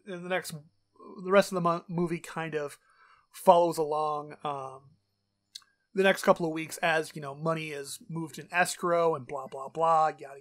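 Rambling, excitable podcast co-host man. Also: on the high side. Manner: rambling, animated, swears, many fillers. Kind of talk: casual chat.

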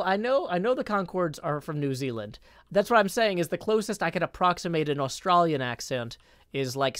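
A man's voice: a little high, no room sound, studio quality. A man chatting casually on a live stream while he builds in a game, rambling and self-deprecating, upbeat when he greets viewers.

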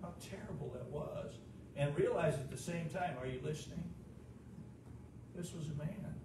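A man's voice: fairly high pitch, moderate pace. Emphatic man preaching in echoey church. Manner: emphatic preaching with rhetorical questions. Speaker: pastor. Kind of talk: sermon. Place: church sanctuary. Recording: echoey room, distant mic, noisy.

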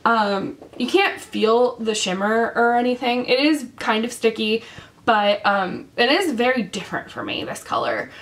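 A woman's voice: on the high side, lively intonation, a little slow, fairly bright tone. A young woman with a sick voice casually reviewing makeup, chatty and full of fillers. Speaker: beauty vlogger.

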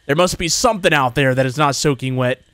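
A man voicing a gruff, bossy male camp leader in a horror game, giving stern orders. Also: medium pitch, quick pace, a bit bright, no echo, voice pushed down, natural voice.

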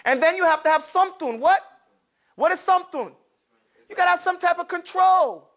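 This is a classroom lesson on Arabic letters from a man with a very high-pitched voice and a normal speaking speed. He's animated, picks on students to respond, asks and answers his own questions, and adds offhand slang remarks.

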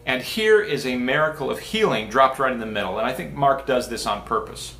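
Male pastor, relaxed chatty preaching, restarts often, roomy church sound. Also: medium pitch, fairly quick, soft background music. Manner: casual and talky, with many restarts and asides. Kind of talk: conversational sermon. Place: church sanctuary. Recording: echoey church room.

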